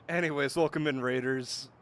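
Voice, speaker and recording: A man's voice: on the high side, slow, fairly bright tone, a little hiss or hum. A man streaming a video game, chatting casually and joking to himself as he plays. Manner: rambling, jokey, talks to himself while playing. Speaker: gaming streamer. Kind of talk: casual let's-play commentary.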